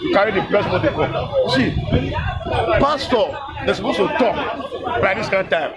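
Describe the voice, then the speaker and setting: Nigerian man, interviewee, impassioned and repetitive, fairly high voice, noisy crowd behind. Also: animated, normal speed. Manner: fervent, repeats words, preachy exhortation. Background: crowd noise.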